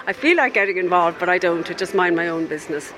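High-voiced man on the street. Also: fast talker, sharp tone, slight background noise, low-quality recording. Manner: chatty and opinionated. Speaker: passer-by. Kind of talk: street vox pop.

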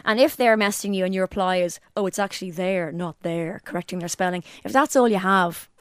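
Irish woman, podcast co-host, animated storyteller, middle-aged, dry close sound. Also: lowish voice, a little fast, smooth, no echo. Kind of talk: casual chat.

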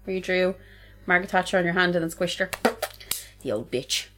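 A woman's voice: fairly low pitch, a little fast, a bit bright. A young Irish woman co-hosting a podcast, reacting animatedly and swearing in casual chat. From Ireland. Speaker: podcast co-host.

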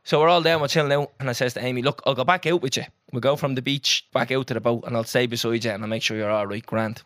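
Fast-talking Irish man telling stories. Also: medium pitch, no echo, studio quality. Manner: animated, sweary storyteller. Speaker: podcast co-host. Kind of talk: casual chat.

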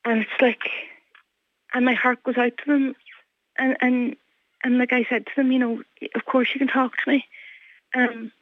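Woman, Donegal Irish accent, middle-aged, earnest and halting, high-ish voice, dry tinny phone line. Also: level tone, no echo. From Ireland. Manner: earnest, halting, many restarts. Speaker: guest, mother. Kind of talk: emotional phone interview.

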